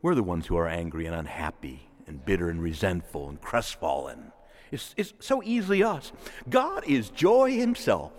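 A man preaching a homily in a church, moving between fervent outbursts and quiet, prayerful asides. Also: sits low, sing-song, normal speed, a little hiss or hum. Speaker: priest. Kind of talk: sermon. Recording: long reverb of a church hall.

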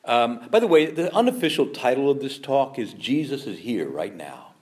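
Man, catholic parish talk, animated, rhetorical questions, folksy humor, swooping expressive pitch. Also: normal speed. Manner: animated, rhetorical questions, acts out quoted objections. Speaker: Catholic speaker.

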